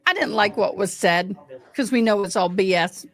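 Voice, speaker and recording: A woman's voice: mid-range voice, normal speed, a bit bright. A middle-aged woman hosting a livestream, giving blunt, chatty commentary on a court hearing straight to her viewers. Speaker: livestream host. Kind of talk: casual live commentary on a court stream.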